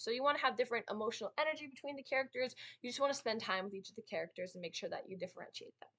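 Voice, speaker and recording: Young woman, quick chatty delivery, bright tone, casual teaching talk, lots of fillers. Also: a little high, expressive. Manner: chatty, many fillers and "right?" tags. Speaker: speech and debate student teaching. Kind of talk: casual lesson.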